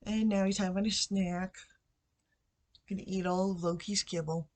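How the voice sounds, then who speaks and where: Speaking into a computer mic from her bedroom, a woman vlogs and tells a story in a rambling, chatty way, full of fillers and side remarks. Her voice sits at a medium pitch with a darkish tone, fairly even intonation, and a moderate pace.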